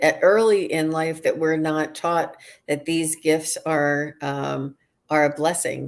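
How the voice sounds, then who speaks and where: Woman, host, live-stream interview, low voice, unhurried, halting. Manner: halting, hesitant delivery. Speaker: host of a live psychic show.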